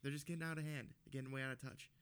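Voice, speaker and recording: A man co-hosting a casual podcast, ranting and swearing as he tells a story. He sounds heated and worked up, with an ordinary middle-pitched voice. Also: steady tone, racing, a bit bright, clean tone. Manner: profane, ranting storyteller with laughs. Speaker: podcast co-host.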